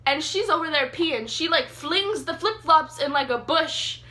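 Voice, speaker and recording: A young woman telling a story in a casual vlog, chatty and animated with lots of fillers. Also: sits high, unhurried. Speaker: vlogger. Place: sitting on the floor indoors.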